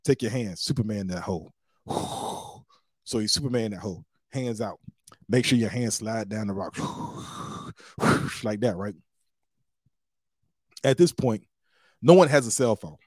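A man hosting a podcast, telling a story in a casual, animated way and acting out what others said with big jumps in his voice. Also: takes it slowly, pauses often, no room sound, clean studio sound. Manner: animated, acts out quotes with big pitch jumps. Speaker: podcast host.

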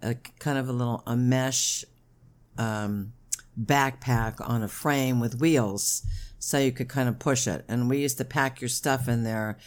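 Middle-aged mother, lively storyteller, laughs easily, swears freely, casual podcast chat. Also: a bass voice, a little slow. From Pennsylvania, USA. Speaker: mother of the host, guest.

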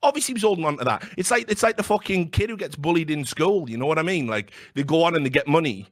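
Fast, brash, profane man. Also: a little high, no echo, studio quality. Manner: brash, profane and animated, acts out quotes. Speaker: podcast co-host. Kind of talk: casual storytelling chat.

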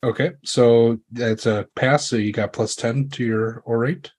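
A man acting as game master, narrating a fantasy tabletop game casually. He rambles and leans on fillers as he describes the scene, at an ordinary male pitch. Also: fairly even intonation, measured pace, a little mellow, breathy edge.

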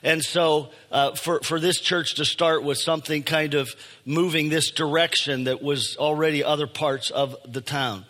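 Middle-aged pastor preaching in a reverberant church. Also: male voice, a little high, steady tone, moderate pace, hardly any pauses, bright, forceful tone. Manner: conversational, with frequent fillers and restarts. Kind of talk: sermon. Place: church sanctuary. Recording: long hall reverb in a church.

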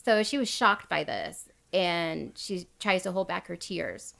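Woman host, chatty storyteller, gravelly voice, laughs a lot. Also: lowish voice, lively intonation, a little slow, a bit bright. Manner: chatty, laughs often, quotes people as she tells. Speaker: podcast host retelling a true crime story. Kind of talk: casual storytelling chat.

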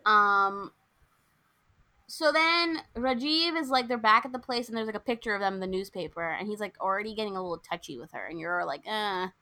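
Bright, chatty woman who retells a story and plays out its dialogue; casual podcast co-host. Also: medium pitch, fairly quick. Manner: chatty storyteller, acts out the characters' lines. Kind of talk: casual chat recapping a film.

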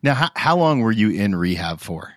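Low-voiced podcast host, dry sound. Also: male voice, normal speed, dry recording. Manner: relaxed questioning, friendly interjections. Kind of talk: interviewing in a podcast.

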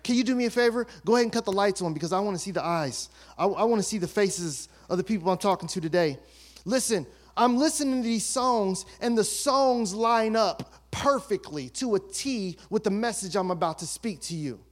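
Man, pastor, very high-pitched, emphatic sermon delivery with shouted peaks. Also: a little fast. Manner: emphatic preaching, swinging between soft asides and shouted peaks. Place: church sanctuary.

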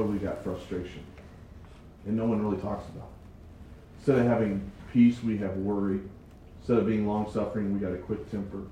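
A man teaching an adult Bible study, preaching with animated, acted-out quotes in a church room. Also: fairly low pitch. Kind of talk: sermon. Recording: distant mic, echoey room, faint background hum.

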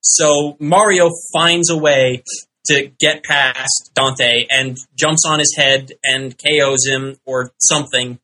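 Slow, bright-toned hesitant man. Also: mid-range voice, fairly even intonation, low-quality recording. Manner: hesitant, filler-heavy reasoning. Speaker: panelist. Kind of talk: casual podcast banter.

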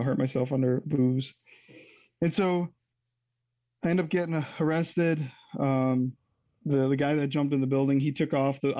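A man appears as an interview guest, telling a personal story in a candid, rambling way and often correcting himself mid-sentence. His mid-range voice has a warm tone, with no echo.

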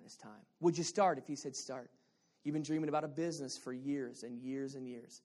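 A male pastor preaching a sermon. He moves from quiet, intimate lines to loud, emphatic ones and repeats key phrases for emphasis. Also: medium pitch, fairly even intonation, a little fast.

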